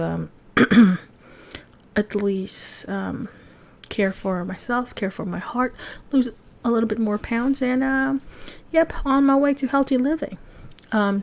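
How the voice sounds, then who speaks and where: A young woman hosting a podcast, chatting casually and self-deprecatingly with plenty of fillers. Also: medium pitch. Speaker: podcast host. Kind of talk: casual solo chat.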